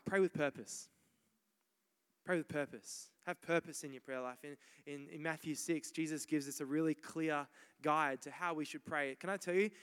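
Young Aussie male pastor, fairly high smooth voice, energetic and repetitive preaching, big reverberant hall. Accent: Australian. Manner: energetic, repeats himself, exhorting "come on". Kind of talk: sermon. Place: large church hall.

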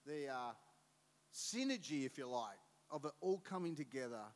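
A middle-aged man preaching a sermon as a pastor, telling stories in an animated way and acting out voices. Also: medium pitch, moderate pace. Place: church auditorium. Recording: long reverb of a church hall.

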